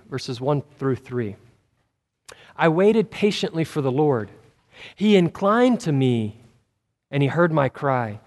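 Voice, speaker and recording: Male preacher with a high voice, earnest and conversational, long hall reverb. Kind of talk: sermon.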